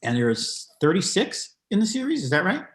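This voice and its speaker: Halting, chatty male gallery curator. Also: high voice, huge pitch swings. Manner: warm-hearted praise, many ums and restarts. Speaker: gallery curator hosting a virtual tour. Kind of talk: casual video-call discussion.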